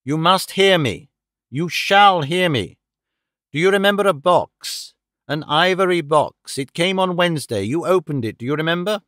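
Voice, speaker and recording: A man's voice: fairly high pitch, lively intonation, normal speed, fairly bright tone, no room sound, studio quality. A man voicing a cold, gloating middle-aged male villain who mocks and menaces his dying victim. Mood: menacing. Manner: sneering, menacing, mocking.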